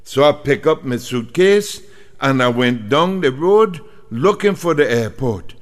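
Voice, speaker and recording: A man telling a comic monologue in an animated, indignant, exclamatory way. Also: medium pitch, unhurried. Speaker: comic storyteller. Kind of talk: comic monologue in creole dialect. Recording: long hall reverb.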